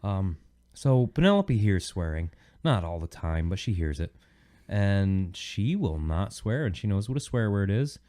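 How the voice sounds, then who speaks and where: Deep-voiced man telling a rambling story. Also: very animated, unhurried, warm tone. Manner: rambling storyteller, many "you know"s. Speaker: podcast host. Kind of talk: casual chat.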